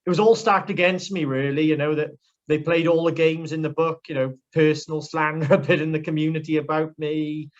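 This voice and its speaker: A young man from Wales speaks his mind in a casual interview, blunt and outspoken, his voice sitting a little high. The audio is dull and lo-fi, as if carried over a remote call. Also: fairly even intonation, brisk. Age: young adult. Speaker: politician interviewed as guest.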